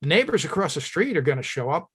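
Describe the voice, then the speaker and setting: A man with a fairly high speaking voice delivers a motivational keynote speech. He talks emphatically and directly to his listeners. He often stops to ask them rhetorical questions. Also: sing-song, quick pace, breathy edge. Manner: tells stories and acts out short quotes. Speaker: keynote speaker at a fire service training school.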